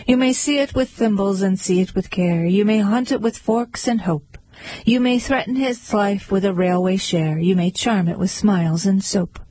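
A woman's voice: mid-range voice, normal speed, mellow, slightly rough, dry recording, natural voice, poor audio. A woman reading verse aloud, voicing a mild, tearful male baker telling his woeful story. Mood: mournful. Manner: mournful, pleading.

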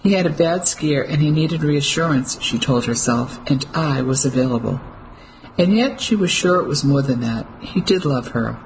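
An audiobook narrator reading a novel in a measured, steady way. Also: mid-range voice, a little hiss or hum, low-quality recording. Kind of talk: scripted narration.

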